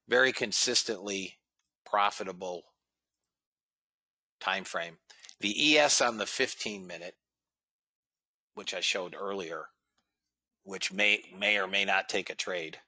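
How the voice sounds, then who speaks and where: This low-voiced man, whose delivery has a bright, forceful edge, runs a live trading room, reading trade figures aloud and addressing his viewers informally as fellas and guys. There's no room sound; the audio is close and dry.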